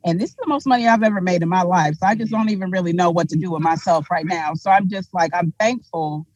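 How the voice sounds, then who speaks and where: A woman's voice: lowish voice, fast, a little mellow, no echo. A woman in her thirties on a family video call, chatting in an upbeat, faith-minded way. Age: 30s. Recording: dull lo-fi video call audio.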